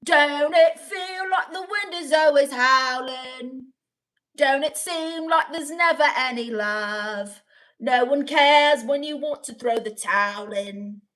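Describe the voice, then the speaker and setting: A woman's voice: sits high, measured pace, fairly bright tone, distant mic. A woman putting on an exaggerated, sing-song British accent as a chipper cartoonish everyman, lips pursed. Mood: singsong. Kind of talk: comic impression on a live stream.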